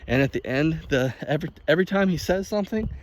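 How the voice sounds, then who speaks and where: A man recording himself outdoors on a walk, recounting a story with lots of laughs and "like"s. His voice sits a bit high and bounces around a lot. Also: quick pace. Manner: animated storyteller, laughs often, says "like" a lot. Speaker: vlogger. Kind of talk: casual chat while walking. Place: outdoors by a field.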